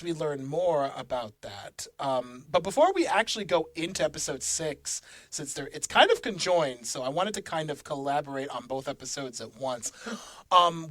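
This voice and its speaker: A man's voice: fairly high pitch, a bit bright, dry recording. A man co-hosting a casual podcast, recapping episodes with frequent laughs and fillers. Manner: laughs often, fillers and restarts while recapping plot. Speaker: podcast co-host.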